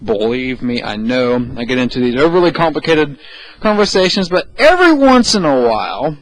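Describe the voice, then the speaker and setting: A man's voice: medium pitch, sing-song, brisk, dry recording, low-quality recording. A man co-hosting a podcast, introducing his own segment in a wry, self-deprecating, rambling way. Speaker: podcast co-host presenting a segment. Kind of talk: casual podcast talk.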